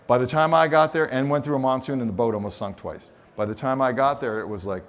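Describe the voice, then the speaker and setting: Speaking fast and with few pauses, a medium-pitched man gives an animated live photography seminar from a conference stage. He's an expressive storyteller who acts out quotes and teases with his humor.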